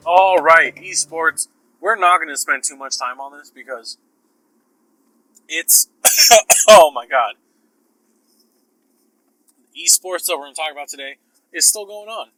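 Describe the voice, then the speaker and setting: A man's voice: fairly high pitch, a little slow, long pauses, bright, forceful tone, dry recording, poor audio. A man hosting a podcast, with a sore throat, talking casually in a rambling, profane, self-interrupting way. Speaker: podcast host. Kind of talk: casual solo podcast talk.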